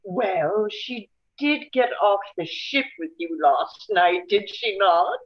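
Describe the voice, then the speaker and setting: A woman reading a shrewd older society hostess at a table read, measured and dry. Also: mid-range voice, lively intonation. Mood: gracious. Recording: dull lo-fi sound.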